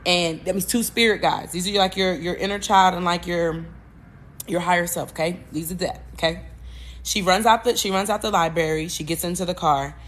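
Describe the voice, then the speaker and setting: Casual, profane podcast host telling a story. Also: female voice, fairly low pitch, a little fast. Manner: animated storytelling with profanity and self-corrections. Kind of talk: casual podcast monologue, retelling a movie.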